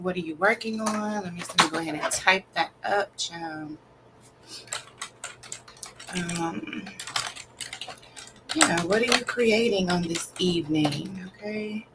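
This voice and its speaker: A tired woman from Alabama, chatting casually and slowly on a late-night livestream while she yawns. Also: fairly low pitch, background noise. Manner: slow, easygoing, calls listeners "child". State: tired and yawning. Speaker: writer and livestream host. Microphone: off camera, voice only.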